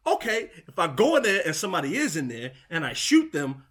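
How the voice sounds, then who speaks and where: A man's voice: high-pitched, huge pitch swings, moderate pace. A man narrating a vlog outside a vacant house, growing more and more exasperated. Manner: exasperated, building up heat. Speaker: property manager vlogger.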